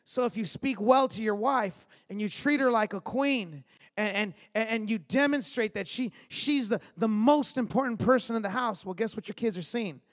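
A man's voice: high voice, moderate pace. A man in his thirties, a pastor giving a conversational sermon with storytelling and emphatic asides. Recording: long reverb of a large hall.

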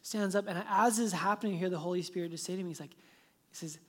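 Animated storytelling pastor, a man. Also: high voice, rapid-fire. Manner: animated storytelling, dropping to soft hushed tones. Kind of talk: storytelling sermon.

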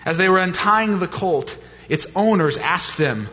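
A man with a high voice preaches a sermon in a conversational, questioning way and drives his points home by repeating them. His voice rings with long reverb through a church sanctuary. The sound is dull and lo-fi. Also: expressive, a little slow, bright, forceful tone. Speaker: pastor.

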